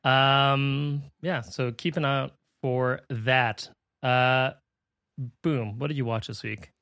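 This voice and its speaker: A man hosts a podcast with a cheerful, promotional manner, stretching some words as he teases what's coming next. His voice sits at an ordinary pitch, recorded dry and close. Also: steady tone, slow pace, fairly bright tone, clean tone, no echo. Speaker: podcast host. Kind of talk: casual chat.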